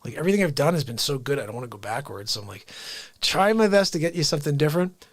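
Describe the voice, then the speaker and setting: A man hosting an unscripted live stream, rambling in quick asides to his viewers. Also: fairly high pitch, big pitch swings, no echo.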